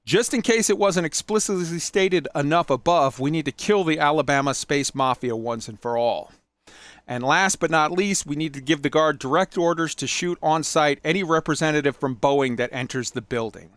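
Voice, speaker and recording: A man's voice: fairly high pitch, normal speed, a bit bright, no room sound. A man hosting a podcast, reading out a prepared opinion piece in an earnest, speechlike way before handing over to his panel. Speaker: podcast host.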